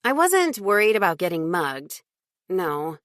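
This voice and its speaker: A woman reading a first-person audiobook in an even, lightly wry storytelling voice. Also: on the low side, unhurried, no room sound, studio quality. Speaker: audiobook narrator.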